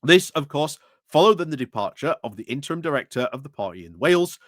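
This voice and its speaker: A man's voice: on the high side, animated, fast talker, fairly bright tone, no room sound. A man hosting a casual political commentary livestream, chatty and wry, with lots of filler words and self-corrections. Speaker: political commentary channel host.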